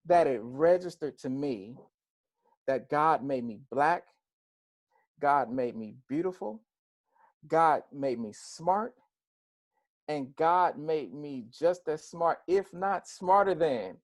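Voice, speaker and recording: Earnest American preacher, emphatic and slow. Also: male voice, on the high side, dry recording. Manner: earnest and emphatic, repeating key words for weight; slows down to stress points, with some fillers and restarts. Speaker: pastor. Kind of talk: personal talk to a group.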